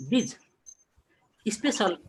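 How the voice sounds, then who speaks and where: A man giving an online college lecture over a video call. He keeps asking himself rhetorical questions and answering them, in halting, repetitive phrasing full of fillers. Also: a little hiss or hum.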